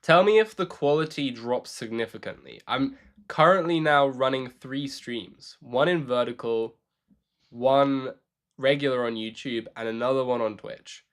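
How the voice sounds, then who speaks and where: A man's voice: mid-range voice, measured pace, fairly bright tone. A young man chatting casually with his live-stream audience while playing chess, joking and answering questions.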